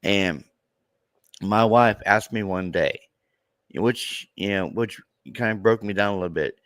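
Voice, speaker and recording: A tearful man with a very low voice, speaking haltingly and circling back over his own words. The sound is close and dry, with no room around it. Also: a bit bright, smooth, dry recording. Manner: halting, repeats himself, voice breaking. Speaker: true crime content creator. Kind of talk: emotional podcast conversation.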